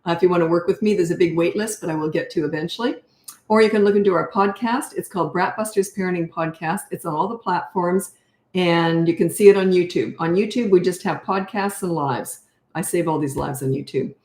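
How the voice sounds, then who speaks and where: A woman's voice: lowish voice, a little fast, darkish tone. An older woman from Canada, a parenting coach chatting casually on a live stream and telling rambling stories with frequent laughs. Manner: chatty, rambling storyteller who laughs often. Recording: roomy echo.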